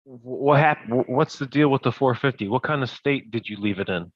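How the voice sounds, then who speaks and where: A man's voice: medium pitch, a little fast, dry recording, highs cut off. A man co-hosting a casual chat, chiming in with slangy interjections.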